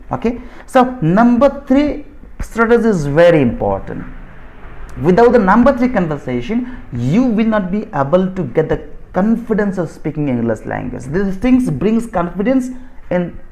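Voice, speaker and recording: A man with a fairly high, darkish-toned voice explains spoken English in a lecture. He is from Assam, a native Bodo speaker with an Indian accent, and he speaks insistently and repetitively, often rephrasing and starting his sentences over.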